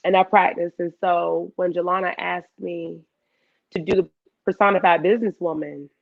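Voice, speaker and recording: A woman guest in a casual chat, telling an animated story and acting out her own past lines. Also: lowish voice, normal speed, gravelly, no echo, phone-quality sound.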